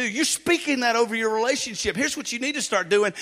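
A pastor preaches in a church sanctuary, his high, sharp, bright voice trailing into a long hall reverb. He swings from loud urgency to hushed intensity and drops in joking, folksy asides. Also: animated, fairly quick, few pauses. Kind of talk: sermon.

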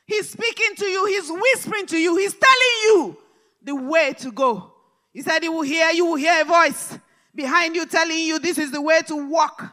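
A woman preacher delivering a live church sermon, fervent and repetitive, rising to shouted declarations. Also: extremely high pitch, normal speed. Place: large church hall service.

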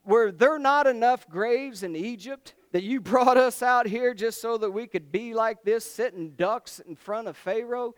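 Brief: preacher voicing whining, fearful Israelites, high, clean, accusing. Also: male voice, unhurried, few pauses, clear, resonant tone, dry recording. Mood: whining accusation. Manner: complaining, accusing, high-pitched outcry. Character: whining frightened Israelite complainers, adult crowd.

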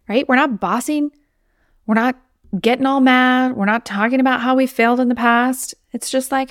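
A woman's voice: high voice, steady tone, moderate pace, smooth, no room sound, studio quality. A woman hosting a solo podcast as a weight loss coach, talking in an encouraging, conversational way and sometimes acting out inner voices.

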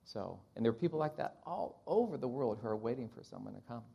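Gravelly man telling a mission story. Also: mid-range voice, fast talker, muffled recording. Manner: animated storyteller acting out quotes. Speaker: missionary Bible translator. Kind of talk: church missions talk, storytelling.

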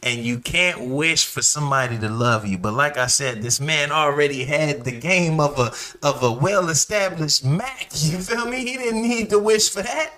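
A man's voice: medium pitch, bright, forceful tone. A man hosting his own podcast, telling a story in a loose, profane monologue full of slang and asides to listeners. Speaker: podcast host. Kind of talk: casual solo podcast monologue.

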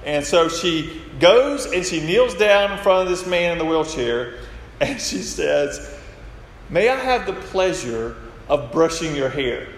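A man's voice: lively intonation, a little slow. Man preaching in an echoey hall. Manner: retells stories, acting out quoted lines with rising pitch. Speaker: pastor. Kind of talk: sermon with storytelling. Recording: echoey hall with faint noise.

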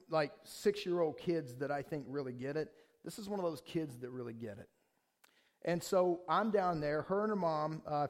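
Pastor, man, high voice, eager and chatty sermon delivery with lots of restarts. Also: a little mellow. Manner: enthusiastic, conversational, frequent restarts and rhetorical questions.

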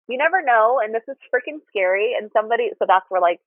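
A woman's voice: mid-range voice, expressive, fast talker, few pauses, no room sound. A woman guest telling her story candidly, rambling with frequent restarts. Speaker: podcast guest. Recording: tinny phone line, dry.

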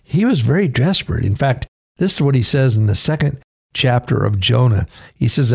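A man's voice: mid-range voice, lively intonation, moderate pace, creaky, slightly rough. A man, a pastor and radio host, preaching earnestly and reading scripture aloud in a radio sermon.

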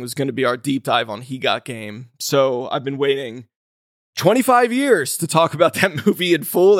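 A man hosts a casual film podcast, his voice sitting fairly high for a man. He rambles through his thoughts with restarts and easy laughs, recorded close and dry with no room sound. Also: fairly bright tone, no echo. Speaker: podcast host.

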